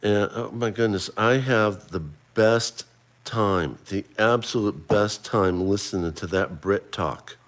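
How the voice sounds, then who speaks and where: A man's voice: on the low side, slow pace. A middle-aged man hosting a casual livestream, chatting and running a trivia quiz for viewers he addresses by name. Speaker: livestream host.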